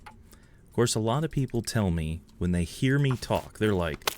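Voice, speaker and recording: Low-voiced relaxed gaming streamer man. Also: moderate pace, noisy background. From Georgia, US. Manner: relaxed, chatty, reads and answers chat. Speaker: livestream gamer. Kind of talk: casual chat while gaming.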